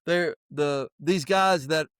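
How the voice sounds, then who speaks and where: Man, high voice, animated, preachy, plain-spoken, dry sound. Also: takes it slowly, clear, resonant tone, dry recording. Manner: animated, preachy advice-giving; plain-spoken, mild swearing. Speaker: podcast co-host. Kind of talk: casual chat.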